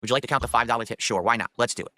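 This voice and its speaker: A man's voice: medium pitch, bright, forceful tone. A man streaming live, reading out viewer messages and tips and answering chat in a casual, dryly sarcastic way. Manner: fast, chatty, dryly sarcastic.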